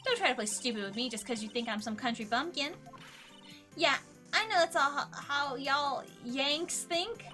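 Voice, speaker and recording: A woman voicing a brash, touchy country photographer in a slow, exaggerated southern drawl while playing a story game. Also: high-pitched, sharp tone, faint music behind, voice pushed up. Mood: indignant.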